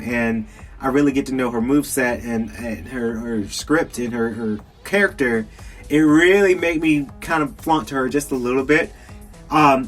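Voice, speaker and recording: Young man, Georgia Southern accent, rambling casual chat, mid-pitched voice, faint music underneath. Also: fairly bright tone. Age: young adult. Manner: rambling, chatty, laughs often, many fillers. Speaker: podcast host. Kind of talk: casual solo game review talk.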